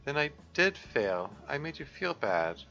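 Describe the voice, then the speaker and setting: A man voicing an anxious, self-loathing teenage schoolgirl in a high, strained, tearful voice. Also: big pitch swings, measured pace, vocal fry, sharp tone, lo-fi sound, soft background music, full character voice. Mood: ashamed.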